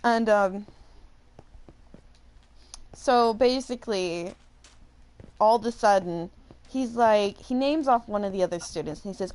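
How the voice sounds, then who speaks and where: Young woman, gaming host, spins a chatty, animated anecdote mid-game. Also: mid-range voice, a little slow, pauses often, clear, resonant tone. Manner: animated, rambling, full of fillers and laughter. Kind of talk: casual storytelling while playing a game.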